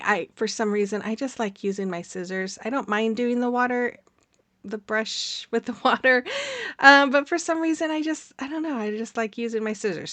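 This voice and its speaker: A woman's voice: a little high, fairly bright tone, dry recording. A woman hosting a craft channel, narrating her project in a casual, rambling voice-over with many fillers and frequent laughs.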